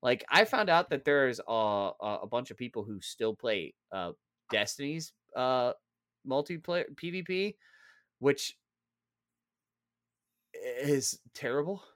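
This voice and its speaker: A man's voice: mid-range voice, expressive, takes it slowly, pauses often, fairly bright tone, no echo, clean studio sound. A man co-hosting a casual gaming podcast, joking and ranting with a lot of swearing. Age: adult father of three. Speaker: podcast co-host.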